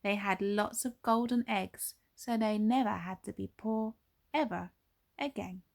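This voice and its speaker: A woman teacher, reading a storybook aloud for young children in a slow, expressive way with dramatic pauses. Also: mid-range voice, gravelly.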